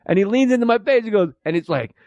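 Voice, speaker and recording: Host telling a comic story: high voice, dry close sound, swears a lot, does voices. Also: male voice, quick pace, no room sound, highs cut off. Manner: profane, animated, acts out voices. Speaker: podcast host.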